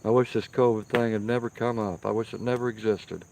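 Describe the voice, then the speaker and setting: A man's voice: fairly low pitch, fairly even intonation, a little fast, vocal fry, background noise. Chatty man talking to his viewers. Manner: chatty, emphatic, repeats himself for stress. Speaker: live-stream host reading viewer comments. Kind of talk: casual live-stream chat. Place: outdoors by a firepit.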